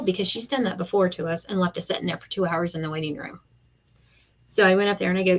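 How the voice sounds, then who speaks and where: A woman's voice: lowish voice, fast. A middle-aged woman, chatting casually and acting out quotes while crafting on a live stream. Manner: animated storyteller, acts out quotes.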